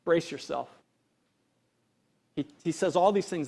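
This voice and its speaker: High-voiced man preaching a sermon. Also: moderate pace, gravelly, long pauses, mellow. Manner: earnest, conversational preaching with rhetorical questions; acts out quoted voices with big swings in pitch and volume. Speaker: pastor.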